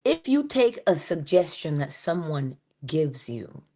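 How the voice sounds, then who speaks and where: A woman's voice: low voice, very animated. Woman giving a whispery motivational talk. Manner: shifts between full voice and soft unvoiced whisper; drawn-out, emphatic delivery with slowed phrases. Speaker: inspirational speaker.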